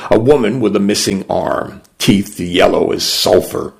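A man narrating a story in the first person, in a measured, unhurried and somber way. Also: low-pitched, gravelly.

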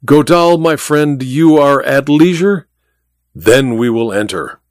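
A man's voice: medium pitch, expressive, takes it slowly, dry recording, studio quality. A man doing a sly blind magician. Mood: grandiose. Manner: grand, playful, with flourishes. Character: suave blind male stage magician, sly and theatrical.

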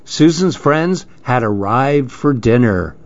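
Man, host, children's story reading, very slow, muffled lo-fi. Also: medium pitch, lively intonation, no echo. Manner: gentle, measured storytelling.

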